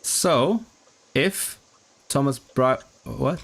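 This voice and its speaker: Slow, halting low-voiced man thinking aloud. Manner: halting, restarting words while working out signed content; puzzled self-questioning asides. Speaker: language-learning streamer. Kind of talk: live study stream, thinking aloud.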